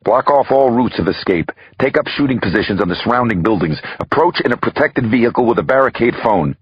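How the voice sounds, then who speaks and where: Man doing a by-the-book tactics boss, gravelly deep voice, dull lo-fi audio. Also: animated, brisk, dry recording. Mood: commanding. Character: calm, by-the-book male tactical chief.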